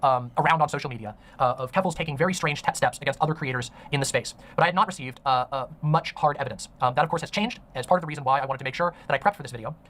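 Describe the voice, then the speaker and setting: A man's voice: medium pitch, rapid-fire, few pauses, a bit bright. A man narrating a commentary video in an earnest, serious way, with many ums and uhs. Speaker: online commentator.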